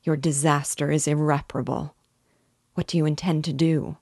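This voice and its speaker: A sorrowful young man, soft-spoken and loyal, mourning a lost child, as a woman reads him aloud. The voice sits low for a woman and close, with a dry, unechoing sound. His lines come tender and slow, drawn straight from a storybook reading. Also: fairly even intonation, no room sound. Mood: anxious. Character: grieving young man, gentle loyal friend.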